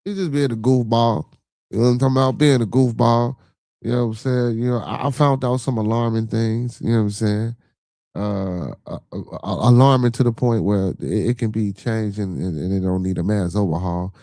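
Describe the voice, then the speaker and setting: Speaking at normal speed with a fairly low, fairly even, dark voice and no room sound, a middle-aged man from Chicago, judging by his accent, runs a livestream podcast. The monologue is casual, loose and profane, with almost every thought capped by a question to the listener, usually "you feel me."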